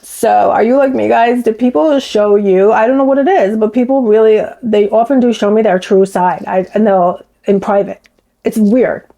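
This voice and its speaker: Her mid-range voice is gravelly yet warm, steady in tone and moderate in pace, heard on a low-quality recording. She's a commentary vlogger gossiping and chatting casually with her viewers, calling them "you guys."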